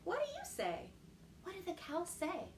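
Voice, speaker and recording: A woman voicing an eager, anxious little male baby rooster in a children's storybook, in a high pleading voice. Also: wildly swooping pitch, normal speed, creaky, roomy sound, distant mic, a little hiss or hum, exaggerated voice. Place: home kitchen.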